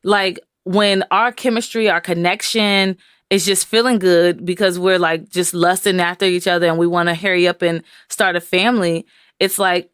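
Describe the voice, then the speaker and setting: A young woman co-hosting a relationship podcast in casual chat, telling stories with lively quoted voices. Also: normal speed, smooth, dry recording, studio quality. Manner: animated storyteller, acts out quoted voices in a high pitch. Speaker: podcast co-host.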